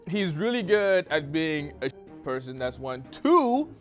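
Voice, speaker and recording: A man with a fairly high voice talks haltingly in a put-on foreign accent that keeps slipping away. His comedic answers wander, and light music plays beneath. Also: big pitch swings. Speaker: dating show contestant. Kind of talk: comedic dating show banter.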